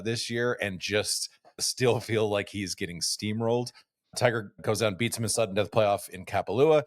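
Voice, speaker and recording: A man in his forties co-hosting a podcast, with a fairly low voice. He tells stories in a relaxed way, full of fillers, recorded close and dry. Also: no room sound. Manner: relaxed storytelling with many fillers. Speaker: podcast co-host. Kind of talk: casual chat.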